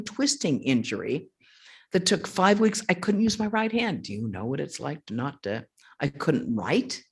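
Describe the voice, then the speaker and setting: A woman monastic speaks to a retreat audience with a husky, slightly low voice. She tells stories with wide swings in pitch, acting out the voices of others and laughing often. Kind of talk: storytelling talk with audience questions.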